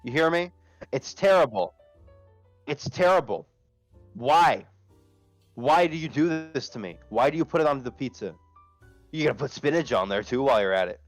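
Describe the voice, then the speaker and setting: Animated, foul-mouthed young man, dry sound. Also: medium pitch, moderate pace, pauses often, dry recording, faint music behind. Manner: animated, rambling, swears freely. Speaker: interview guest, streamer. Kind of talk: casual online interview chat.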